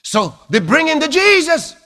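A man preaching a sermon, telling stories dramatically with sudden loud bursts and hushed drops. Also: very high-pitched, sing-song, moderate pace.

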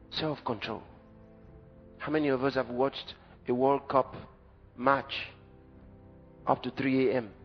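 A man preaching a sermon in an emphatic, dramatic way. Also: mid-range voice. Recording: dull echoey hall recording with faint music.

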